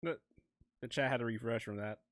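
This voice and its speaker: A man's voice: mid-range voice, brisk, fairly bright tone, no room sound. A young man streaming himself making music, chatting casually, rambling and interrupting himself, often laughing. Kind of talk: casual live-stream talk while producing.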